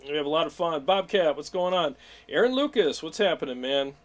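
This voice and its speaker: A man hosting a weekly livestream, talking in an excitable, rambling way and greeting viewers by name. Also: on the high side, brisk. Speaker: livestream host. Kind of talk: casual livestream chat.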